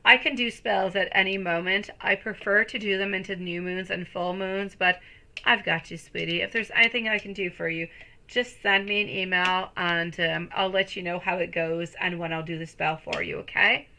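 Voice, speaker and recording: A woman with a very bright, sharp voice reads tarot live for her viewers. She gushes over them with pet names and breaks into excited bursts between softer, soothing stretches. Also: fairly low pitch, moderate pace, a little hiss or hum, low-quality recording. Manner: affectionate, calls viewers sweetie and my lovely. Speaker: tarot reader. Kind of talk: live-stream chat with viewers.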